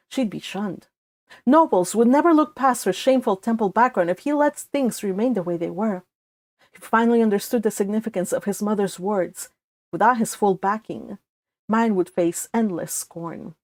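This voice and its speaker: A woman's voice: mid-range voice, a little mellow, no room sound. A woman reading her own fan fiction aloud, narrating steadily in a read-along with occasional slips.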